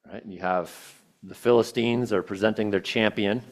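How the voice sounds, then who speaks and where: A man's voice: lowish voice, steady tone, fairly quick. A man preaching a sermon, retelling a scripture story with casual asides and quoted verses.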